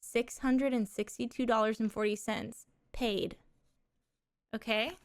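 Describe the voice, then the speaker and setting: A woman's voice: fairly high pitch, steady tone, a little slow, smooth. A woman live streaming from home, talking in a rambling, casual way and swearing and laughing often.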